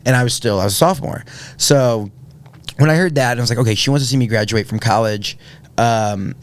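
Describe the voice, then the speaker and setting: A man's voice: mid-range voice, a little fast, clean tone. A man, telling a personal story earnestly on a podcast, with many fillers and restarts. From Indiana, USA. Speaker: podcast guest. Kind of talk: casual storytelling.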